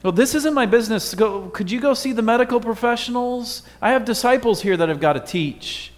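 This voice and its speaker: A preacher playing a dismissive, hurried teacher. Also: male voice, fairly high pitch, animated. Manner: quick, raised, brushing-off tone. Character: imagined dismissive preacher brushing people off. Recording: echoey hall.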